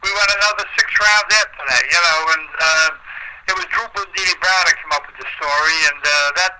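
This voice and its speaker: A man's voice: fairly high pitch, brisk, a crowd in the background, poor audio. An older man, a retired boxer, telling long stories in an interview with many fillers. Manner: rambling storyteller, frequent uh fillers. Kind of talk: storytelling interview.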